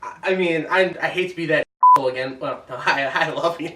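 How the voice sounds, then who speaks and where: A man hosting a casual movie review chat, animated and teasing. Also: fairly high pitch, fast talker, heavy background noise. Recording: roomy echo, mic at a distance.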